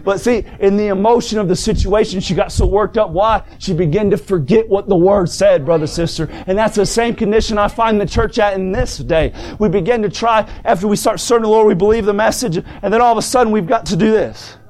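A man preaching a sermon in a folksy manner, calling the congregation brother and sister and rising to shouts. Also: high-pitched, brisk, few pauses. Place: church service.

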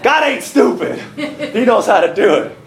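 A man preaching in a church, with a high, gravelly voice and a folksy, animated delivery. The room is echoey, and the congregation answers him with amens. He keeps slipping into little acted-out voices to drive his points home. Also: a little slow, a little hiss or hum. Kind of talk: sermon. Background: congregation calling out amens.

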